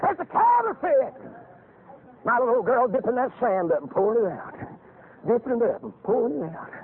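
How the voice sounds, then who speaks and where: An older man preaching a fiery revival sermon, folksy storytelling that climbs into shouted exhortation. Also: very high voice, fairly quick. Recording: tinny phone-like lo-fi recording.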